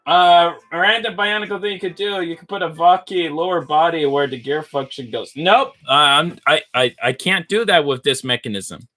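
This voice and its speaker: A man chatting casually on a livestream while he builds, playful and rambling, poking fun at himself as he thinks out loud. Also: on the high side, normal speed, few pauses, faint music behind. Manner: playful, rambling, self-mocking, thinks aloud. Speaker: livestreamer building brick models.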